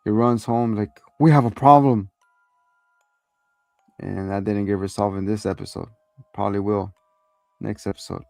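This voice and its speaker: A low, gravelly-voiced man hosts a casual, rambling episode recap, swearing freely and acting out the scenes. The sound is dry and close. Faint music plays underneath. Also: flat delivery, normal speed, mellow, dry recording. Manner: rambling and profane, acts out lines. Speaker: show host reviewing a TV episode.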